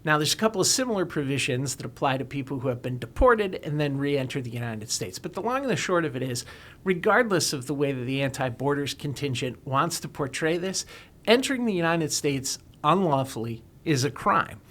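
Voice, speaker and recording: A man's voice: on the high side, animated, fairly quick, a bit bright. A man explaining and arguing a legal point in an emphatic, lawyerly way on a talk show.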